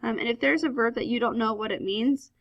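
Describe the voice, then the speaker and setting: A woman's voice: a little high, fairly quick, dry recording, dull audio. A woman Spanish teacher talking students through a recorded grammar lesson, explaining step by step with frequent "um" fillers.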